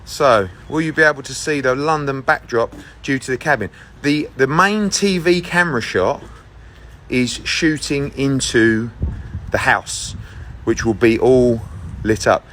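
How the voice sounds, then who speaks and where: A man's voice: mid-range voice, a little slow, fairly bright tone, slight background noise, rough recording. A middle-aged man, a sports promoter, chatting casually and brashly with live-stream viewers into his phone while a little out of breath. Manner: brash and upbeat, swears casually. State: a bit out of breath. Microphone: phone held while walking.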